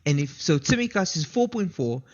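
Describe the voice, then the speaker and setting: A South African man co-hosting a casual football podcast, his voice a little higher than most men's. He lays out his reasoning in long, methodical runs. The recording sounds somewhat dull and lo-fi. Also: sing-song, moderate pace. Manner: analytical, explains at length. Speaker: podcast co-host.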